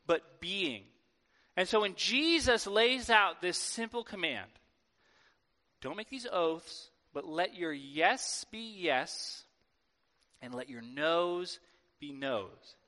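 A man preaching a sermon to his church in a lively, conversational way, acting out quoted voices. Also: sits high. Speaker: pastor. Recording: long hall reverb.

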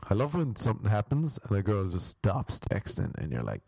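A man's voice: on the low side, huge pitch swings, brisk, creaky, few pauses, dark tone, slightly rough, no echo. A young Irish man doing a crude, rambling comic monologue, laughing at his own stories and slipping into mock voices. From Ireland. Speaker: comedian.

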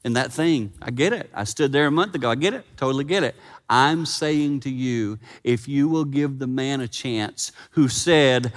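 A man preaching a sermon in a church, animated and emphatic, slowing down for his earnest points. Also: medium pitch. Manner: animated, building to loud emphasis, then slow and earnest. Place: church sanctuary. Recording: long reverb in church hall.

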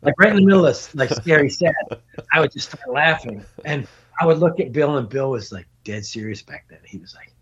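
A middle-aged man with a husky, breathy voice tells an old road story in loose, animated chat. He swears freely and laughs through the telling. The recording sounds dull and lo-fi, like a home podcast setup. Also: on the high side, fairly quick. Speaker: podcast guest. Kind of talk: casual storytelling.

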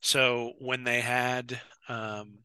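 A man co-hosting a football podcast in casual chat, long-winded and animated, often repeating words as he restarts. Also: medium pitch, drawn-out words, clean tone, no room sound. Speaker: co-host of a college football podcast. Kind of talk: casual sports talk.

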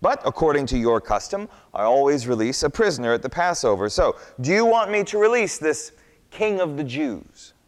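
A man's voice: fairly high pitch, big pitch swings, normal speed, voice pushed up. A man voicing a stern, anxious Roman governor who raises his voice and presses with questions. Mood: demanding. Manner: demanding, raised voice. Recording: long hall reverb.

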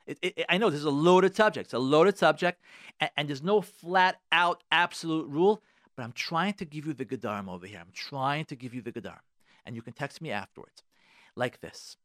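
A man's voice: on the high side, brisk, a bit bright, dry recording, studio quality. A man, a rabbi and marriage therapist, giving advice on the radio, emphatic and repetitive, with Hebrew and Yiddish words in his talk.

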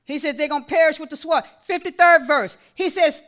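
A woman preacher delivering a sermon, reading scripture and building to shouted calls to the congregation. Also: high-pitched, fairly quick, hardly any pauses.

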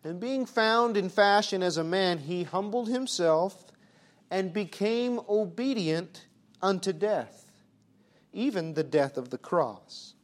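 A man preaching a sermon, asking rhetorical questions and swinging between hushed, soft passages and loud, emphatic ones. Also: high-pitched, slow pace.

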